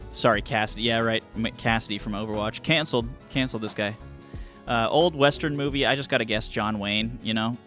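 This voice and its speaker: A man's voice: on the low side, fairly even intonation, a little fast, a bit bright, faint music behind. A man streaming a trivia game, casually joking with chat and reading clues aloud. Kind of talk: casual live-stream commentary.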